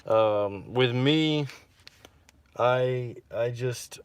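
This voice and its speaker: A man's voice: medium pitch, drawn-out words, smooth, no echo. Rambling Texan man chatting on a livestream. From Texas. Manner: rambling, repeats words, frequent fillers. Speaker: livestream host reading viewer comments. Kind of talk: casual livestream chat.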